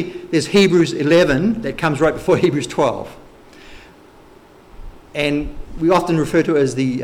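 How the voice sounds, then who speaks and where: A man preaching a sermon, teaching slowly and emphatically through Bible verses. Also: a little high, a little mellow. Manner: slow, emphatic Bible teaching with occasional light laughs.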